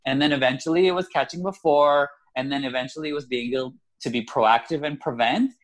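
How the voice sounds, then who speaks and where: Male co-host, mid-pitched, relaxed chat, reflective and chatty, quick to laugh at himself. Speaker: podcast co-host. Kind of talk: casual podcast chat.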